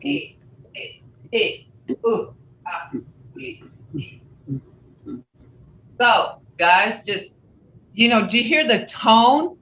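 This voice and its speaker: A woman teaching a language class over a video call, slowly repeating sounds for learners to copy. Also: on the high side, expressive, fairly bright tone, slight background noise. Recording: dull roomy video-call audio.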